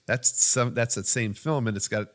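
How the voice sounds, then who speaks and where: A man's voice: mid-range voice, normal speed, fairly bright tone. A man on a casual chat show as a guest, explaining things with hesitant fillers. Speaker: guest from a camera dealer.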